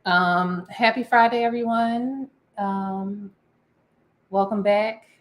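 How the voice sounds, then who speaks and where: A woman's voice: mid-range voice, fairly even intonation, slow. A woman co-hosting a casual chat show, playful and rambling, often breaking into giggles. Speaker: podcast co-host.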